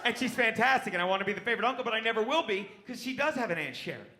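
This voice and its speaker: A man doing a brash, punchy stand-up set on a comedy club stage, baiting the crowd with quick asides into a handheld mic. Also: sits high, expressive, noisy background.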